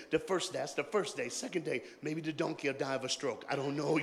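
A man preaching a sermon in a loose call-and-response style, joking in colloquial asides and swinging between shouted rallying lines and hushed, quiet talk. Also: on the high side, moderate pace. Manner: jokey, colloquial and emphatic. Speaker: pastor. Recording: long hall reverb.

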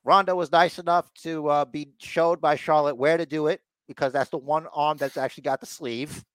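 Talking at a normal speed in a fairly high, steady voice, a man co-hosts a podcast on a dry recording. He chats casually through a wrestling show recap and does mock voices for the wrestlers' lines.

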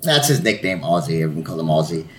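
A man's voice: very deep voice, fast, a little hiss or hum. A man telling a rambling bar story in casual chat, swearing often and acting out the people in it. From Southern California. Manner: animated, swearing, acts out the people in his stories.

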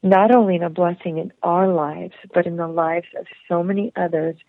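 A woman guest on an interview podcast, telling a personal story with animated emotion, acting out the voices of the people in it and laughing often. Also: lowish voice, moderate pace, no room sound. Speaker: actress and singer, podcast guest. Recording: tinny phone-like line, dry.

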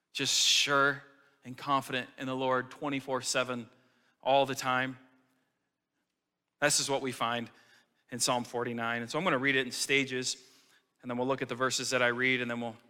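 Bright-voiced male pastor preaching in a hall. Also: medium pitch, smooth. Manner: conversational preaching with rhetorical questions. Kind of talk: sermon.

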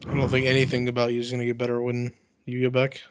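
Flat-voiced deadpan man teasing. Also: medium pitch, fast talker, no room sound. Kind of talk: casual chat.

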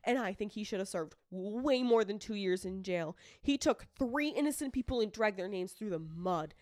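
A woman chats angrily about a case on her podcast, cursing freely and slipping into quoted voices. Her pitch sits in the middle range. The recording is dry and close, with almost no room sound. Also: lively intonation, normal speed, a little mellow, dry recording. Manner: heated, swears a lot, acts out quotes. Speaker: true crime podcast co-host. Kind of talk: casual chat.

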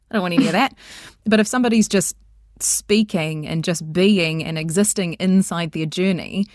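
A woman's voice: low voice, dry recording, clean studio sound. A young woman, talking animatedly and playfully as a podcast guest. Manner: animated, playful, laughs often, slips into character voices. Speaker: guest, voice coach. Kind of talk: casual podcast interview.

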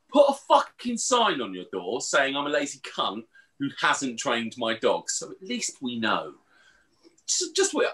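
A man chats on a podcast in a bright, forward voice. His pitch swings widely as he tells sweary, animated stories. The talk is loose and casual. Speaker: podcast co-host. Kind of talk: casual chat.

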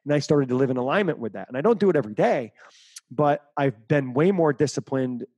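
A man's voice: medium pitch, animated, a little fast, warm tone, slightly rough, no room sound. A middle-aged man giving interview answers as a mental performance coach, speaking emphatically and repeating key phrases.

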